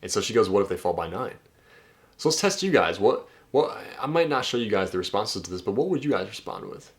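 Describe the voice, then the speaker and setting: Fast and animated, this man has a lowish voice and works as a dating coach. He reads out texts and comments on them casually, swearing now and then and often tossing in "right?".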